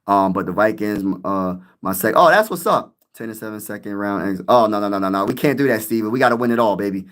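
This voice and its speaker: A man's voice: lowish voice, lively intonation, quick pace, hardly any pauses, a bit bright. A young man hosting a sports live stream, chatting casually with his viewers, rambling and hyped, using lots of slang. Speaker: sports YouTuber live-streaming, answering chat.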